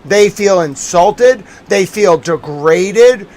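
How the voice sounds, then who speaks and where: A man's voice: sits high, expressive, slow, darkish tone. A man live-streaming his reaction to the news, ranting, swearing and repeating himself.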